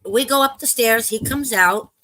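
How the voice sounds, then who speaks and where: Bright-voiced woman telling a tense story. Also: a little high, dry recording, rough recording. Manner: urgent, halting storytelling with restarts and swearing. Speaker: panel caller. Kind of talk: casual live panel discussion.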